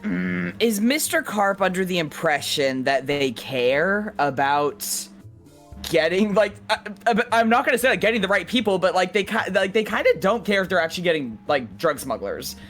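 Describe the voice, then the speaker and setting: A woman's voice: on the low side, lively intonation, normal speed, faint music behind. A woman co-hosting a podcast in casual chat, exasperated, swearing and laughing often. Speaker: podcast co-host.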